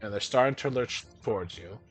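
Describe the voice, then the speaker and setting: A man running a tabletop game as game master, narrating scenes in a halting way with many fillers. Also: on the low side, a bit bright, slightly rough, faint music behind.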